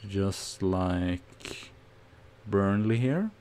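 A man streaming a football management game, commenting casually on each play with nervous excitement and sudden shouts. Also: deep voice, drawn-out words, slight background noise. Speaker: gaming streamer.

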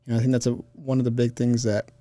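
A man with a dark, mellow voice who talks in a casual, storytelling way. He keeps slipping into quick acted-out quotes as he speaks. The recording is close and dry. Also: no room sound. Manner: animated storyteller, jumps into high mimicking voices. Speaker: podcast co-host. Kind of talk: casual spiritual chat.

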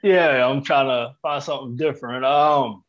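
A man who is a comedian and author, joining a podcast over a video call, talking in a relaxed, joking way and laughing easily. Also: medium pitch, moderate pace. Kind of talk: casual chat. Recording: dull lo-fi video call audio.

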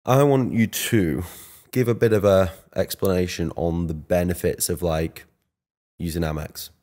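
A man hosts a podcast in an easygoing way, steering his guest with brief remarks and questions. His voice sits very low for a man. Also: steady tone, measured pace, darkish tone. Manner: laid-back, brief prompts and questions. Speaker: podcast host. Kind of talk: casual podcast interview.

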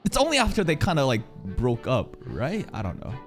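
A man reacting live to an anime episode, excitable and profane, talking back at the screen. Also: mid-range voice, a little fast, faint music behind.

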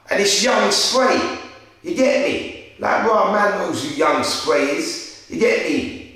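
A young man with a London accent, an interviewer telling a story in a casual, animated way, full of street slang. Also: a little high. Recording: very echoey room, far from mic.

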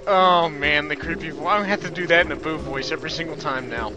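A man's voice: on the high side, fast talker, hardly any pauses. A man hosting a let's play, giving casual, chatty commentary as he plays, amused with himself and thinking aloud, with game music behind. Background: video game music.

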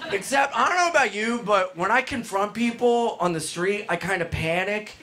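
A man performing a live stand-up set, loud and profane, talking to the crowd and breaking into shrieking bits. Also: sits high, lively intonation, measured pace. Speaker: stand-up comedian. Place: comedy club with live audience. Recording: noisy live club recording.

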